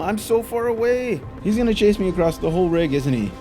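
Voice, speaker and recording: A man giving frantic live gameplay commentary, exclaiming and frustrated, later calmly narrating. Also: high-pitched, fairly quick, few pauses, faint music behind. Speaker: gaming YouTuber.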